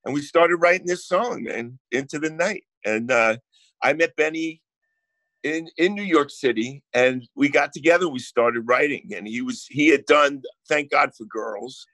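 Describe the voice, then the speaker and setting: A man's voice: a little high, normal speed, fairly bright tone, no room sound. A man with a New Jersey accent, a guest songwriter telling brash stories in casual podcast chat and swearing freely.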